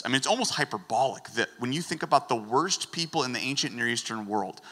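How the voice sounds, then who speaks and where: A man giving a lively, joking sermon in a conversational teaching manner. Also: fairly high pitch, big-room sound. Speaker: guest preacher.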